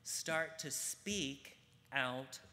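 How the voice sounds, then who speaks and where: A man's voice: mid-range voice, drawn-out words, sharp tone. A man teaching a spiritual gathering in a frank, irreverent, casual way, acting out the things people say. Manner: frank and irreverent, acts out quoted speech. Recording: long hall reverb.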